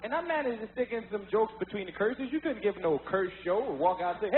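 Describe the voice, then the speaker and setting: A young man doing stand-up, telling a brash, profane story in quick bursts. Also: high-pitched, lively intonation. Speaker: stand-up comedian. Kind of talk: stand-up comedy. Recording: tinny lo-fi film audio with faint hiss.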